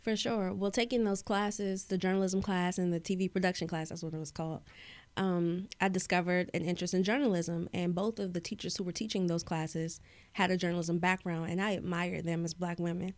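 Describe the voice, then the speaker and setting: Articulate woman with crisp diction. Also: fairly low pitch, a little fast, dry recording. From Maryland, USA. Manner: animated storyteller, clear careful diction. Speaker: guest, public speaking coach. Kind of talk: casual interview chat.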